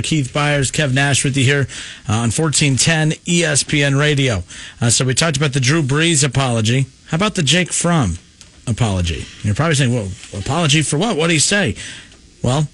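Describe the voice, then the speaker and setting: A man hosting a sports radio show, running through segments in a brisk conversational way with frequent fillers. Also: mid-range voice, fairly bright tone.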